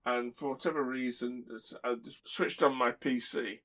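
A man hosting a podcast chats casually, rambling through stories and chuckling along the way. His mid-range voice is fairly bright and mostly even, at a moderate pace, with a slight hiss or hum.

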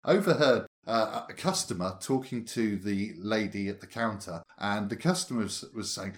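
A man's voice: fairly low pitch, animated, moderate pace, hardly any pauses. A man, co-hosting a podcast in casual chat and telling anecdotes with frequent laughter. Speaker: podcast co-host.

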